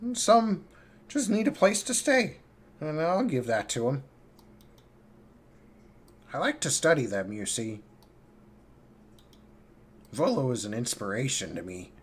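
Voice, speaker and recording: A man voicing an eccentric male archmage who collects magical creatures, chatty and rambling, quick to snap. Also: mid-range voice, sing-song, slightly rough.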